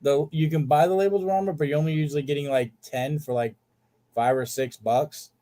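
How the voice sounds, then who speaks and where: A man's voice: a little high, fairly even intonation, fairly quick, dark tone. A man hosting a live card-sale stream, chatting casually and listing cards as he shows them.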